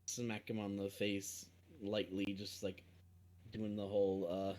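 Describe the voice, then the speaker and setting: A man's voice: lowish voice, flat delivery, measured pace, a little mellow. A man playing a tabletop game in a casual way, hesitant and thinking aloud as he trails off. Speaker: player.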